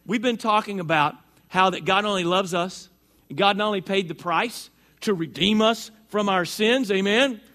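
A high-pitched middle-aged man delivers a sermon as pastor, his voice strained by allergies. He preaches in a folksy, chatty way and talks back and forth with the congregation. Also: normal speed, pushed and bright.

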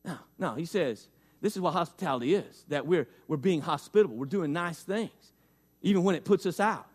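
High-voiced man preaching a folksy sermon. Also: fairly quick. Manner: folksy, repeats phrases for emphasis, talks directly to the congregation. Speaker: pastor.

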